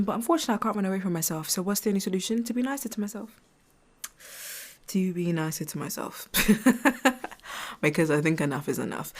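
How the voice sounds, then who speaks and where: Low-voiced, frank woman in her twenties. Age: 20s. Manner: frank and chatty, swears, laughs often. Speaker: podcast host. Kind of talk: casual reflective solo podcast.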